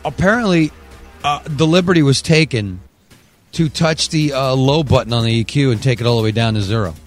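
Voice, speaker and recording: A man hosting a live podcast from a studio, talking in a loud, profane, sing-song hype style. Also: medium pitch, a little fast, faint music behind. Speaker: podcast host. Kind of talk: casual live show banter.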